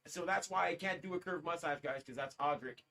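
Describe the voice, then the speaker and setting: A man's voice: fairly high pitch, a little fast, gravelly, pushed and bright, far from the mic. A man hosting a casual livestream, rambling and talking straight to his chat as "guys". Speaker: livestream host. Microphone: streaming setup.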